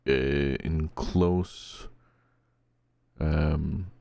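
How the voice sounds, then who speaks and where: A man's voice: very deep voice, steady tone, drawn-out words, creaky, warm tone, dry recording. A man with a Norwegian accent running a tabletop game as game master, talking hesitantly. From Norway. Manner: hesitant, with many fillers and restarts.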